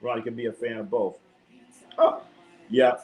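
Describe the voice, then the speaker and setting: Animated, profane sports-show host man. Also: mid-range voice, moderate pace, rough recording. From Los Angeles. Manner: animated, profane trash talk. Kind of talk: casual live sports chat.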